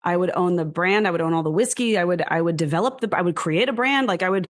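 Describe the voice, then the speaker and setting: Animated American woman telling a story. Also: on the low side, fast. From United States. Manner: animated, laughing, heavy use of "like". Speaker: guest, whisky brand founder. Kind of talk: casual interview storytelling.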